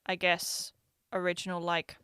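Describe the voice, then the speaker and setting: A woman's voice: on the low side, completely flat delivery, measured pace, sharp tone, clean tone, no echo, studio quality. A woman co-hosting a podcast, musing thoughtfully and hedging her points in casual chat. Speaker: podcast co-host.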